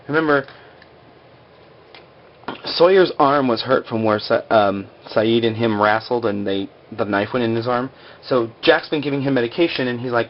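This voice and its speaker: A man's voice: mid-range voice, normal speed, highs cut off, a little hiss or hum. Chatty man rambling through a recap. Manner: chatty, rambling, full of "like" and acted quotes. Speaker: episode recapper. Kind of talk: casual TV episode recap over stick-figure drawings.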